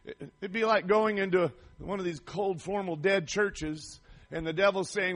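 A man preaching a fervent sermon, reading scripture and rising to shouts of praise. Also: high voice, measured pace.

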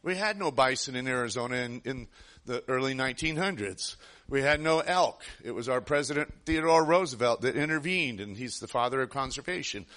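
A man's voice: mid-range voice, animated, fairly quick, fairly bright tone. A man preaching a sermon, telling a personal story in an earnest, rambling way with frequent restarts.

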